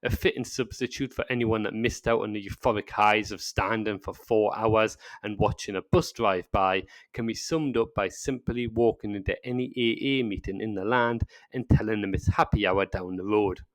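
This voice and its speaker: A man's voice: fairly low pitch, fairly even intonation, moderate pace, hardly any pauses, dry recording. A man with a Northern English accent giving a scripted video-essay narration full of sarcastic asides. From north of England.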